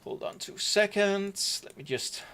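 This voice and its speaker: Speaking smoothly at a measured pace, this high-voiced man is a raid commander from Denmark with a Danish accent. He keeps up casual gameplay commentary while leading the raid, relaxed and talkative, often thinking out loud.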